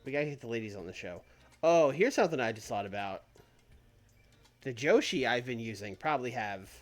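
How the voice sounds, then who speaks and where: A man livestreams a wrestling booking game, thinking aloud about each decision in loose, rambling talk that trails off and restarts. He speaks fairly quickly with lively, wide-ranging pitch and curses casually. Faint, soft music plays in the background.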